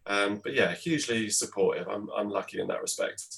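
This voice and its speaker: A man who runs a theatre company, talking in a casual panel chat in a measured, reflective way. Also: on the low side, gravelly, a bit bright. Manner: measured, reflective, says "I guess". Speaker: theatre producer.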